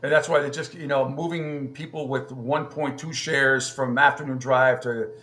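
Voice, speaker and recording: A man's voice: medium pitch, steady tone, moderate pace, fairly bright tone. A man hosting a radio show, talking bluntly and profanely about the business, often restarting his sentences. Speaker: radio host. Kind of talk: casual radio chat.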